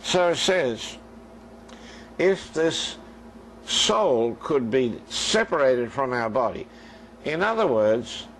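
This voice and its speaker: An older man preaches a sermon, his voice gravelly and his pitch rising and falling with lively movement. He tells stories and acts out their conversations as he speaks straight to the congregation. A faint hiss of noise sits behind him. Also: slow, long pauses, poor audio. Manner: storytelling preacher acting out dialogue, addressing the congregation directly. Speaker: minister.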